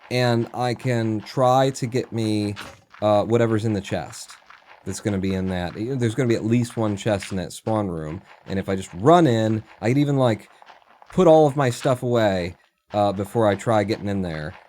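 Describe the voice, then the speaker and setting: A man's voice: fairly low pitch, a little mellow, a little hiss or hum. A man streaming a video game, chatting casually and muttering to himself as he plays, with the odd swear word. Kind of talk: casual gameplay commentary.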